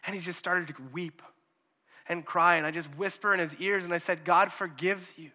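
Bright-voiced male preacher in a reverberant hall. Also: high voice, brisk. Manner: conversational, animated, checks in with "okay?" and "right?". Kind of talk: sermon.

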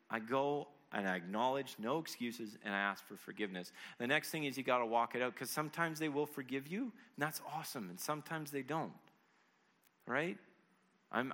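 Earnest bright-voiced male pastor. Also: mid-range voice. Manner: earnest, conversational, often asks "right?". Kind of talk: sermon. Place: church service.

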